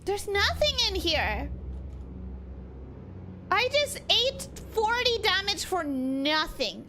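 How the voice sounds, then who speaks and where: A woman's voice: extremely high pitch, sing-song, slow, sharp tone, a little hiss or hum. A young woman streaming a video game, chatting to viewers and reacting jumpily, often repeating herself when startled. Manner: greets chat viewers by name. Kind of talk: live gameplay commentary. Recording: game music playing behind.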